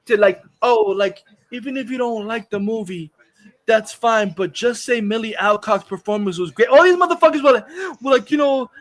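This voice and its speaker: A man's voice: high voice, normal speed, a bit bright, low-quality recording. A man co-hosting a live movie review stream, ranting in a crude, heated, mocking way. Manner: crude, heated and mocking, laughs at his co-host. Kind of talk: casual profane rant.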